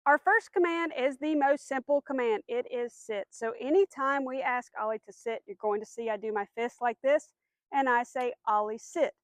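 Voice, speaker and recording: A woman dog trainer giving a clear, patient lesson outdoors, with firm short commands. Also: sits high, normal speed, dry recording. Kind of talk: instructional demonstration.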